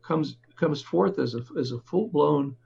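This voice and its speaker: Gravelly, husky man telling a story. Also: a little high, darkish tone, muffled recording, faint music behind. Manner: halting, many fillers and restarts. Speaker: author and reporter. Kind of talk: interview guest.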